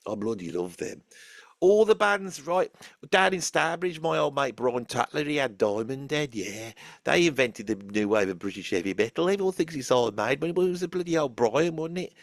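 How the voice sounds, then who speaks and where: A man's voice: mid-range voice, animated, normal speed, no room sound, clean studio sound, close to an everyday voice. A man playing a rambling, foul-mouthed old rock fan from Birmingham, speaking with a Birmingham accent and repeating himself with chummy asides to his listeners. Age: older. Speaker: channel host in character. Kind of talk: comic character monologue.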